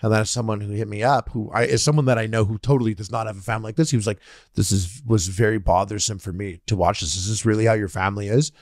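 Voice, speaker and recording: A man's voice: fairly low pitch, fast talker, no room sound, studio quality. A man guesting on a podcast, telling stories in casual chat, swearing freely and acting out the people he quotes. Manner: profane, animated storytelling with acted-out quotes.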